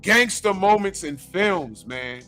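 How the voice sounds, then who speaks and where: A man with a high, bright voice that swings widely in pitch talks excitedly about films, full of slang. Faint music sits underneath. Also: slow. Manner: excitable, lively slang-filled talk. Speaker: podcast host. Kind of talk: casual film chat.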